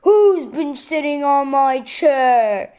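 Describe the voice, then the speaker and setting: A big, gruff papa bear from a storybook booms out his words loud and slow, as a woman reading aloud puts him on. Each word is stretched and heavy. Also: lively intonation. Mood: growling.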